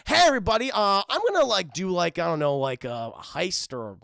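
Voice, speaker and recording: A man voicing a doofy laid-back male supervillain who rambles loudly with lots of fillers. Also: fairly high pitch, lively intonation, moderate pace, vocal fry, clear, resonant tone, dry recording, clean studio sound. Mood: eager.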